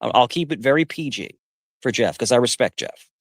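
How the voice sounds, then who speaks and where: A man arguing on a live panel over a video call, taunting and repeating himself in a mock-calm way. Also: mid-range voice, brisk, dry recording. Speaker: panel guest. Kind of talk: heated argument on a live panel.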